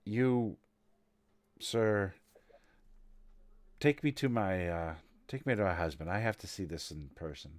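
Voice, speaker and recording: A man's voice: low-pitched, expressive, a little slow, pauses often, no room sound, voice pushed down. A man voicing a widowed noble lady who is aloof and dazed, talking in a detached, resigned way.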